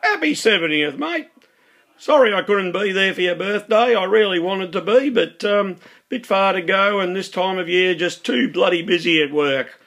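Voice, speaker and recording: A man's voice: high-pitched, vocal fry, fairly bright tone. An Australian man rambling through a teasing, joking birthday message to an old mate. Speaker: friend sending a birthday message. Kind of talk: casual recorded birthday greeting.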